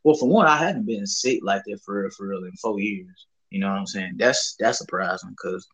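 A man's voice: on the low side, a little fast, fairly bright tone, breathy edge, lo-fi sound. A young man from the Southern US telling a rambling, profane story in a laid-back, casual chat. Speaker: podcast co-host.

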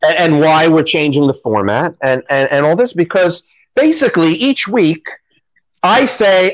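Slightly high with lively intonation, a man speaks at a measured pace as a podcast co-host, recorded with poor audio. In casual chat he's sarcastic about himself and others, performing what people said.

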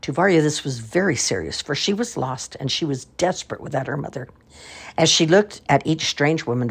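Husky grandmother reading a storybook. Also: a bass voice. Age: older. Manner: expressive. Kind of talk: reading a children's book aloud.

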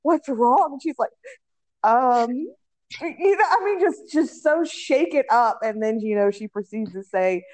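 Young woman cohost, high voice, talks slow, keeps giggling. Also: lively intonation, a little mellow. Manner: giggly, slow, laughs often. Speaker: podcast co-host. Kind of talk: casual chat.

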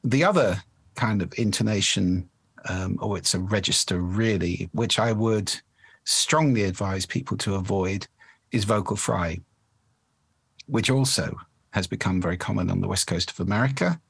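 A man who is an expert on the voice, explaining speaking habits in a measured, articulate way during an interview. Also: fairly low pitch, vocal fry, a bit bright, breathy edge, no room sound.

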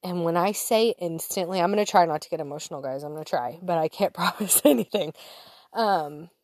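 A woman in her thirties sharing a personal faith story in a chatty, candid way, laughing easily and dropping to soft whispers. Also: on the low side, a little fast, no echo, studio quality. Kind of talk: casual personal testimony to an audience.

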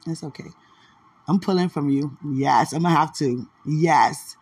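A woman's voice: sits low, measured pace, breathy edge. A woman in casual, rambling chat, playful and affectionate, laughing often and talking aloud to God.

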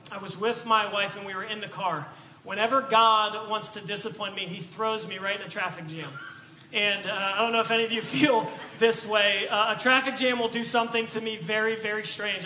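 A man's voice: high voice, bright, forceful tone. A man preaching a sermon as pastor, in a conversational, storytelling way with rhetorical questions. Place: church sanctuary. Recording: echoey church room with faint noise.

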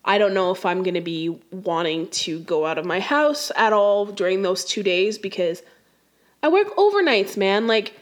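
A woman's voice: on the low side, normal speed, hardly any pauses. Exasperated young woman ranting casually. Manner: exasperated, slangy, talks straight to the viewer. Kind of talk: casual storytime rant.

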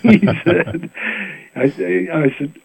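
A man's voice: a little high, takes it slowly, gravelly, a little mellow, husky, dry recording, rough recording. An older man from Rhode Island with a faint Rhode Island accent, telling a long rambling story as an interview guest and laughing at his own jokes. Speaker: interview guest, bluegrass musician. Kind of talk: casual storytelling.

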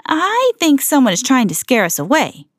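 A woman voicing a cheerful, brave male cartoon mouse, reading him in a high, squeaky storybook voice. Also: huge pitch swings, normal speed, no room sound, studio quality, heavily acted. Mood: eager.

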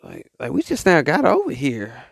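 A man's voice: mid-range voice, wildly swooping pitch, moderate pace, creaky, breathy edge, dry recording, studio quality. A man hosting a podcast, talking in a casual, rambling motivational monologue and acting out the voices he quotes. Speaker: podcast host.

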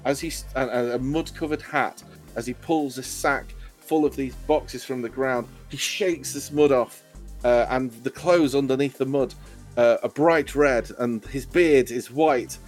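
A man's voice: mid-range voice, unhurried, soft background music. A man narrating a tabletop game as game master, rambling and full of fillers.

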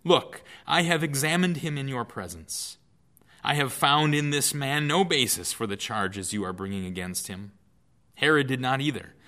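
A man's voice: medium pitch, a bit bright. A man reading as an anxious, insistent Roman governor. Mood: reasoning. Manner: raised, pressing questions.

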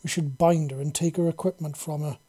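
A man's voice: fairly high pitch, animated, moderate pace, dark tone. A man voicing a fierce female reptilian alien commander who speaks in a commanding, accusing way. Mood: indignant.

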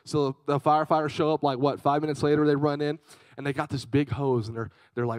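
A young man preaching a lively youth sermon, telling stories with big swings from loud to hushed. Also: on the high side, fast, no echo, rough recording. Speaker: youth pastor.

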